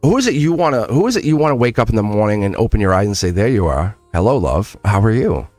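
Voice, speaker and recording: With a lowish voice and fast delivery, free of echo and backed by soft music, this man chats casually through a live tarot reading. He laughs a lot and addresses viewers directly in an animated way.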